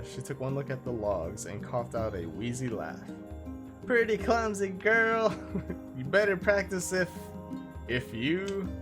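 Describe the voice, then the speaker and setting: A male streamer reading game story text aloud, stumbling over words and laughing at his own slips. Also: mid-range voice. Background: game music.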